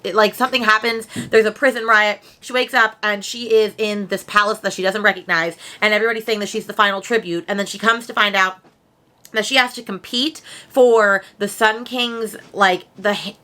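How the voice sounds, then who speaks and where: A woman's voice: mid-range voice, steady tone, fairly quick, bright, forceful tone. A woman, chatting casually at home in a book vlog, rambling and full of slang. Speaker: book vlogger.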